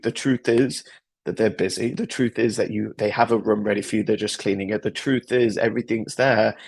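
Podcast host guy, husky voice, earnest and reflective, retelling something personal. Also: on the low side, a little mellow. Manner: earnest, reflective storytelling with repetition. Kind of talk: personal story, motivational talk.

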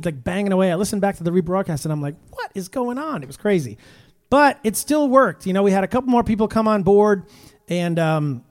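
A man with a notably high voice hosts a live stream from a room in his home, talking into a phone. He chats loosely, greets viewers by name, reads out their comments, and breaks off to talk to his pet. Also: a little mellow. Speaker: Christian musician hosting a live stream. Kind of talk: casual live-stream chat.

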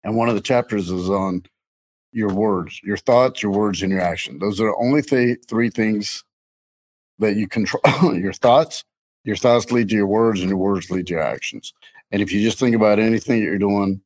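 A man's voice: lowish voice, normal speed, a little mellow, rough recording. Jokey middle-aged man hosting a faith podcast. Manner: rambling, jokey, laughs often. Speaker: co-host. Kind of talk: casual faith podcast chat.

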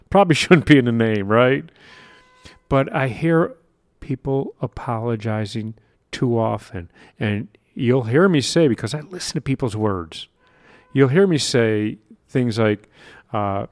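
A man's voice: mid-range voice, dry recording, studio quality. A man hosting a solo podcast as a confidence coach, talking earnestly and emphatically with wry asides.

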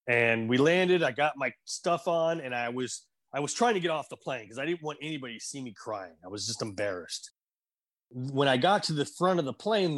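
A man telling an emotional personal story in conversation, earnest and halting, at times choked up. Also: on the high side. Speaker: guest.

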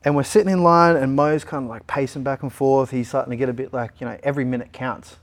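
A man's voice: medium pitch, quick pace, hardly any pauses. A young Australian man telling a long personal story in a casual interview, acting out the lines of the people in it. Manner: animated retelling, acting out other people's lines. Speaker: interview guest.

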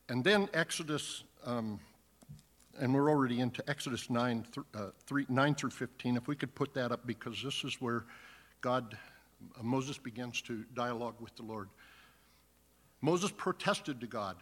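A man with a mid-range, fairly bright voice delivers a sermon at a moderate pace, first reading scripture aloud, then explaining it earnestly. Long hall reverb colors the sound.

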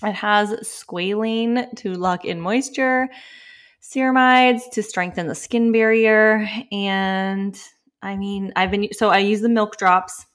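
A woman's voice: medium pitch, fairly even intonation, slow, a bit bright, smooth. A woman in her thirties chats through a casual solo podcast episode. She talks loosely, with plenty of filler words and frequent laughs, and sounds a little winded. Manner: chatty, laughs often, many "like" fillers. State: slightly winded. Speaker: podcast host.

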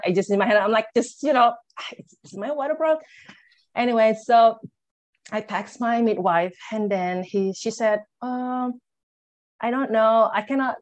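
A woman's voice: fairly low pitch, muffled recording. A young woman telling her own story as an interview guest. She acts out what she and others said and leans on filler words. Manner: loose phrasing with many "like" and "you know" fillers. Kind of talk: personal storytelling in conversation.

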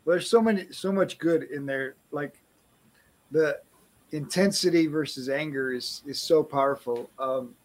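A man's voice: fairly high pitch, unhurried. A man hosting an interview, responding to his guest in an enthusiastic, affirming way. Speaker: host. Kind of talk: conversational interview.

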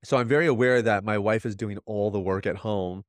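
A man's voice: fairly low pitch, steady tone, brisk, dry recording, studio quality. A man in his thirties, a podcast guest, talking earnestly and reflectively in casual conversation, with many restarts.

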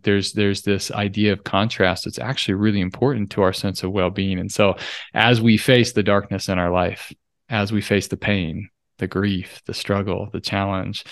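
Male podcast host, lowish voice, smooth and resonant, calm and thoughtful, dry sound. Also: no echo. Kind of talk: podcast conversation.

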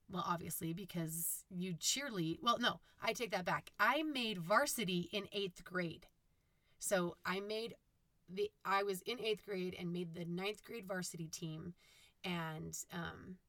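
A woman from Utah talks on her own podcast in a low, husky, raspy voice that sits deep for a woman. She rambles in a chatty way, full of "um"s and corrections. The recording is dry and close, with no room sound. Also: measured pace, fairly bright tone, no room sound. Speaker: podcast host. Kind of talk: casual solo podcast monologue.

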